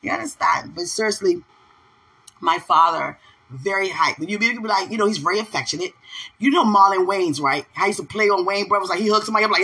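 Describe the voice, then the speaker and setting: Bright, husky-voiced woman chatting playfully. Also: fairly low pitch, a little fast, low-quality recording. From United States. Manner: playful, laughs often, animated; talks affectionately to a partner. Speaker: podcast host. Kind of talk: casual chat.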